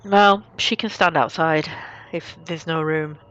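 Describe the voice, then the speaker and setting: A woman's voice: low-pitched, steady tone, a little slow, fairly bright tone, clean tone, dull audio. A woman playing in a tabletop game, talking casually and a little hesitantly. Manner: hesitant, with fillers. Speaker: player.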